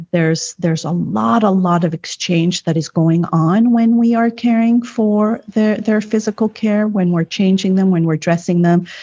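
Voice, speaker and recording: A woman in a casual talk, gently and earnestly explaining childcare ideas, often repeating words as she thinks. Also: fairly low pitch, no echo, dull audio. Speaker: parenting guest expert. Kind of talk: casual advice chat.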